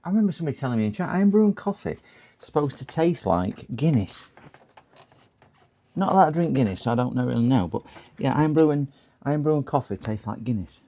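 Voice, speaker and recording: Gravelly man muttering through a repair. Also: mid-range voice, lively intonation, a little fast, mellow. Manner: muttering to himself, chatting to the live chat between tasks. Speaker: live-streaming computer repairer. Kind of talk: casual running commentary while working.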